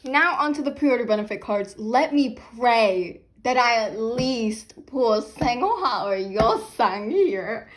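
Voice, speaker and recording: A young woman filming an unboxing vlog, talking loudly and dramatically, laughing and half-crying over what she gets. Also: a little high, expressive, slow pace, few pauses. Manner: loud, chaotic, dramatic reactions with laughing and fake crying. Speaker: vlogger unboxing albums.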